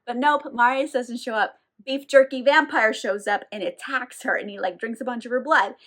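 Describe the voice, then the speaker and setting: A young woman with a slightly high voice recaps a novel for her channel. Her talk is loose, full of "like" and quick laughs, and she sounds irreverent and chatty. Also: steady tone, fairly bright tone. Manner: irreverent, laughs often, lots of "like". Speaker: book reviewer. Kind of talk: casual book recap.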